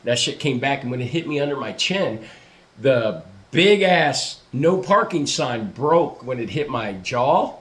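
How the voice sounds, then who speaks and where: A man's voice: medium pitch, lively intonation, measured pace. A man telling a rowdy story in a casual podcast chat, swearing freely and laughing often. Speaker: podcast host.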